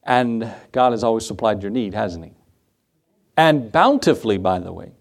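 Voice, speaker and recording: A man's voice: on the low side, lively intonation, normal speed. A male pastor preaching a sermon conversationally, repeating key phrases for emphasis and adding humorous asides.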